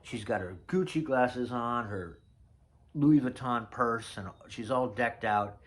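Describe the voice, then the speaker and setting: A man's voice: medium pitch, slow. A man in his sixties telling rambling, chatty stories about old notes from his past. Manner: chatty storyteller, drifts off mid-thought. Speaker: vlogger. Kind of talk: casual reminiscing vlog.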